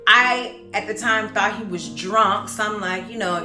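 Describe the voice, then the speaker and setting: Slow, halting woman in an echoey room. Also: mid-range voice, pushed and bright, soft background music. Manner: halting, with frequent pauses and fillers; earnest, reflective. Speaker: vlogger telling her own story. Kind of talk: personal storytelling.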